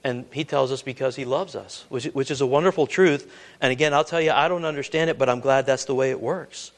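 A man's voice: medium pitch, fairly quick. A man preaching a sermon, earnest and conversational, often restarting his words and asking the congregation questions.

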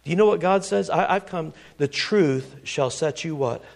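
A man's voice: on the high side, normal speed, vocal fry, a little mellow. A middle-aged man preaching a sermon, quoting scripture and firing rhetorical questions at his congregation.

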